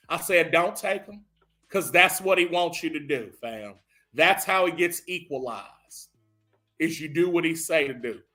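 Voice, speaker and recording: Man, high and bright-voiced; profane, animated comedic storyteller doing characters mid-recap. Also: a little slow.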